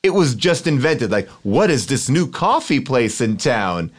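A man hosting a casual podcast chat, talking through a movie with animated energy. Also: medium pitch, unhurried. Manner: animated, read ad in a loud salesy voice. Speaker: podcast host.

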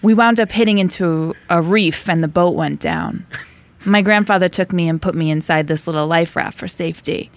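A woman reads as a young survivor of a shark attack, telling her story in a put-on New York accent. The voice sits fairly low for a woman. The monologue is read for comic effect, with laughter just under the surface. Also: moderate pace, natural voice. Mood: earnest. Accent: attempted New York. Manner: playful, on the edge of laughing. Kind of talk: comic reading of a film monologue.

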